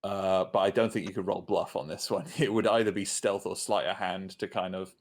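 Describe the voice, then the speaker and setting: A man's voice: sits low, steady tone, brisk. A man running a tabletop game as game master, describing scenes hesitantly with many ums and uhs.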